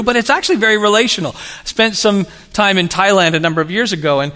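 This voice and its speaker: Bright-voiced male preacher in a hall. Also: high-pitched, quick pace, hardly any pauses. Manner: animated storytelling with humor. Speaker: pastor. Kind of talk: sermon. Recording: long reverb of a large hall.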